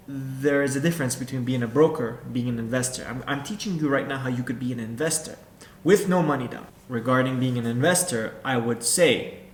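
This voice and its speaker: A man's voice: mid-range voice, a little hiss or hum. Direct-talking man in an echoey room. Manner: direct, repetitive, addresses viewer as you. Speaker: real estate investor and coach. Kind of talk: instructional talk to camera. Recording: echoey room with faint background ambience.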